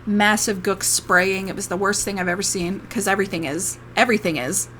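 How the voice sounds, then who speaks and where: A woman's voice: mid-range voice, steady tone, a little fast. Young adult woman, ASMR creator, casual storytime vlog: emotional, rambling, cursing, faint room noise.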